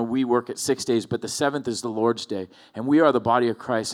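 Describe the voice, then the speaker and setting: A middle-aged man preaching to his congregation in an easy, talky manner. His voice sits at an ordinary middle pitch for a man. He drifts from plain teaching into acted-out lines and back. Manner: conversational, animated storytelling with acted-out quotes. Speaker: pastor. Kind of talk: sermon.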